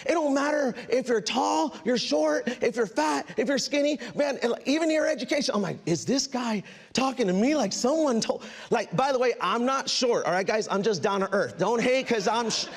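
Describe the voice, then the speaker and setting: A man speaks to a live audience at a business meeting, with an unusually high voice. He tells stories animatedly and keeps calling out to the crowd. A long reverb hangs on every word, as in a big hall. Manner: animated storytelling, addresses crowd as "guys", acts out quotes. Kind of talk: energetic motivational speech to a live audience.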